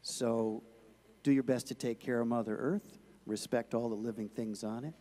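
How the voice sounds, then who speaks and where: A man's voice: medium pitch, steady tone, mellow. Male actor, mid-range voice, courteous and plain-spoken panel words. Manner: folksy, measured, courteous. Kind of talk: short panel remarks. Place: convention hall.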